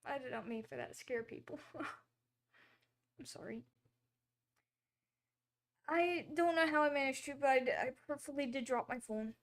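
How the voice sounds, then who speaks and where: A woman's voice: high voice, moderate pace, long pauses. A woman hosting a casual livestream, talking in a rambling, chatty way with lots of fillers and apologies. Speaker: livestream host.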